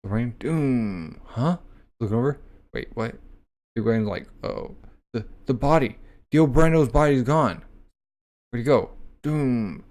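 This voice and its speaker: A man's voice: medium pitch, expressive, slow, pauses often, darkish tone. A man casually reading a comic aloud, voicing sound effects and reacting with a lot of "like".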